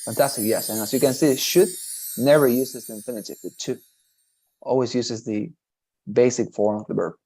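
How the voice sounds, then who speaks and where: A man's voice: medium pitch, moderate pace, mellow, slightly rough, faint music behind. A man teaching English in a one-on-one lesson, encouraging and patient, often repeating praise.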